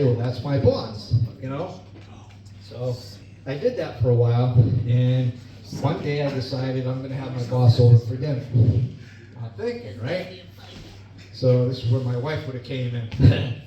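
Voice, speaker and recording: A middle-aged man performing a stand-up comedy set on stage, telling folksy stories and laughing at his own jokes. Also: mid-range voice. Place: club or bar stage. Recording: echoey room, distant mic, dull, noisy.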